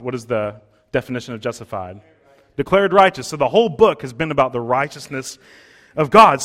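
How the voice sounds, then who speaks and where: Conversational preacher, man, mid pitch. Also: fairly bright tone. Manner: conversational preaching with fillers and restarts. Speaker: pastor. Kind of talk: sermon.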